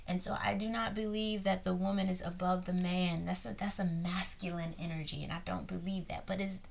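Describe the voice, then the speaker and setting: A woman's voice: lowish voice, gravelly. A young woman coach giving an earnest faith-based talk to women, repeating phrases and dropping into whispers for emphasis.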